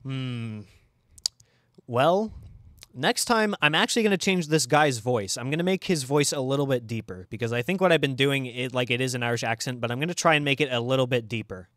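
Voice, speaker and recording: A man's voice: medium pitch, animated, brisk, a bit bright, dry recording, clean studio sound. A man co-hosting a let's play in casual chat, eager and chatty.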